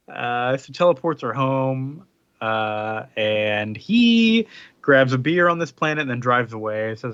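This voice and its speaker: A man's voice: mid-range voice, lively intonation, moderate pace, a bit bright, dry recording, lo-fi sound. Man recapping comics in loose, casual chat. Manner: loose plot recap with many fillers and acted quotes. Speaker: podcast host.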